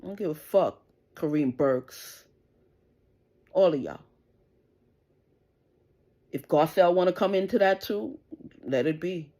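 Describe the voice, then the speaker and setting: Her fairly low, mellow voice moves with lively intonation, a little slow and marked by long pauses. The middle-aged vlogger still vents an angry, profane rant straight to camera, confrontationally repeating "you understand?"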